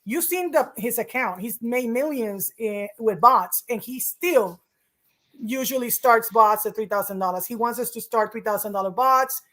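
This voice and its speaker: Woman host asking questions, fairly high. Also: normal speed, a bit bright. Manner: affirming, asks long questions. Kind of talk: casual interview.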